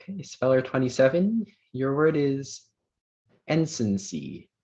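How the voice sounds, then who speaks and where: A man acting as pronouncer at an online spelling bee, reading words and definitions in a measured way with small fillers. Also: mid-range voice, big pitch swings, warm tone. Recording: dull lo-fi online audio.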